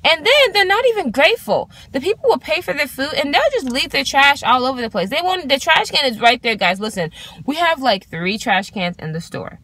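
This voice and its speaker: A woman in her twenties telling an exasperated storytime rant to her vlog, swearing freely and talking in an animated way. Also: high-pitched, brisk. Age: 20s. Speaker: vlogger.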